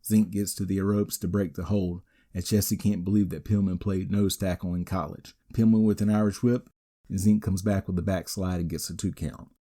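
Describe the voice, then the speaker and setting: A man hosting a wrestling podcast, giving a steady, matter-of-fact play-by-play recap with the odd dry aside. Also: low-pitched, normal speed. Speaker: podcast host.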